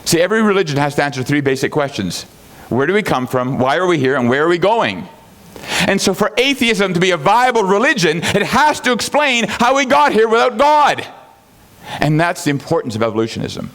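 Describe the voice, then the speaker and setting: A man giving an animated teaching talk to a congregation, firing off rhetorical questions, chuckling at his own asides and acting out the people he quotes. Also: high-pitched, a little fast. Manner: acts out quoted people in raised voices. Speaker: Bible teacher.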